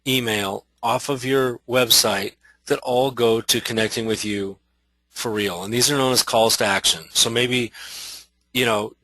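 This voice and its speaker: A man's voice: mid-range voice, pushed and bright, no echo, low-quality recording. A man giving an instructional talk to real estate agents, conversational, with many restarts and rhetorical questions.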